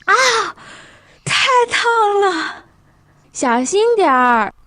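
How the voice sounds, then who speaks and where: A woman voicing an excited little girl asking her mother for soup, in a scripted language-lesson dialogue with slow, carefully enunciated delivery. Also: extremely high pitch, dry recording, full character voice. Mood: expressive.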